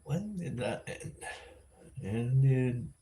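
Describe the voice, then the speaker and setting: A man hosting a live vlog stream, chatting casually and thinking out loud with lots of restarts and self-corrections. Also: mid-range voice, lively intonation, extremely slow, background noise. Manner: rambling, thinking aloud with frequent restarts. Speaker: livestream vlog host.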